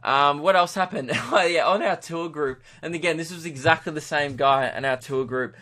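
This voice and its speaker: A man's voice: fairly high pitch, normal speed, bright, forceful tone. A man with an Australian accent, a podcast host telling a comic story in a sarcastic, ranting way. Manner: sarcastic, ranting, frequent swearing.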